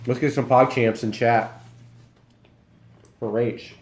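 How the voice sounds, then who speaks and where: A young man from Iowa speaks at a medium pitch and a slow pace, chatting casually with his live stream viewers and answering their comments as he eats. He sounds relaxed and rambles along between bites.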